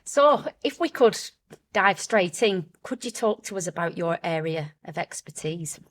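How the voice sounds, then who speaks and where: A woman hosting a business podcast, reading a welcome and then interviewing a guest with warm reactions. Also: fairly low pitch, expressive, a little slow. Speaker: podcast host. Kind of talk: scripted intro and interviewing.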